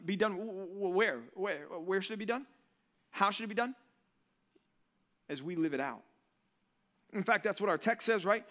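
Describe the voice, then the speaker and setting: A male pastor giving a sermon in a lively, conversational way, often asking the congregation rhetorical questions. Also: high voice, moderate pace.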